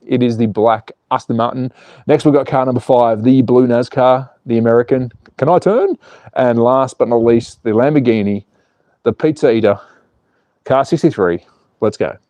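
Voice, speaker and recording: A man's voice: mid-range voice, normal speed, dark tone, no room sound. A man hosting a live stream, joking with viewers and calling a toy car race in a chatty, jokey way. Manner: jokey, chatty, reads viewer comments aloud. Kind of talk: live race commentary and chat.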